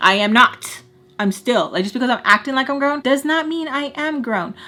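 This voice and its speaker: A woman's voice: sits high, normal speed, sharp tone. A young woman telling a personal story while doing her makeup at home, chatty and full of "like", her voice jumping up when she gets indignant. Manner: chatty, fills talk with "like", voice jumps up when indignant. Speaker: storytime vlogger.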